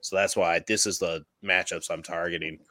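A low-pitched man with a bright, forward edge to his voice talks through picks in a relaxed, chatty way and laughs easily at himself. He sounds very close to the mic in a dry, dead room. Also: normal speed, no echo. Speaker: podcast host. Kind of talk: casual fantasy football chat.

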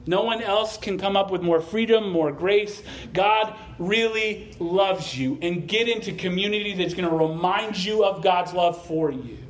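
A man's voice: high-pitched, unhurried, hardly any pauses. A male pastor preaching a sermon, conversational and then passionately exhorting the congregation, ending in prayer.

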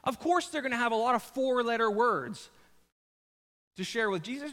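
A man's voice: extremely high pitch, lively intonation, moderate pace, fairly bright tone. A man preaching a sermon, retelling a story with emphatic, repeated phrases. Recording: long reverb of a large hall.

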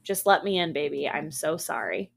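A woman's voice: low-pitched, animated, moderate pace, creaky, exaggerated voice. A woman voicing a desperate mother who pleads tearfully through a door in a spoken horror story. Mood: pleading. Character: desperate pleading mother, female, middle-aged.

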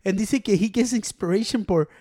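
Fast-talking high-voiced man ranting. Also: mellow, no echo, studio quality. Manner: rapid Spanglish code-switching, profane, heated ranting. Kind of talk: casual chat.

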